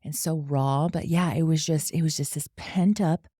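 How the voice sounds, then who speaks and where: A woman's voice: low-pitched, fairly even intonation, normal speed, mellow, dry recording, studio quality. A young adult woman casually telling a candid, profane story, laughing as she goes. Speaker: podcast guest.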